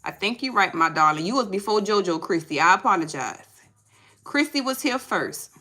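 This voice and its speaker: A woman's voice: mid-range voice, expressive, normal speed, bright, forceful tone, faint music behind, low-quality recording. A woman reading tarot on a live stream, chatting casually with viewers and repeating herself as she sorts out names. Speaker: tarot reader.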